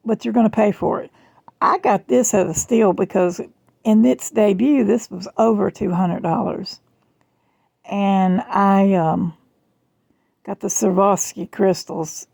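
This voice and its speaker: A middle-aged woman with a Southern US accent, rambling chattily in a casual vlog, her voice strained and rough. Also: medium pitch, dark tone, dry recording. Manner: chatty, rambling, self-deprecating. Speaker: jewelry vlogger. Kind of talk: casual chat. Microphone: phone camera.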